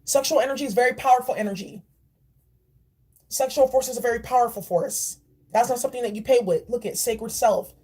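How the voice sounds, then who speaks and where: Blunt, preachy woman card reader, husky. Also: fairly high pitch, brisk, mellow. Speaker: spiritual reader. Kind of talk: tarot and oracle card reading.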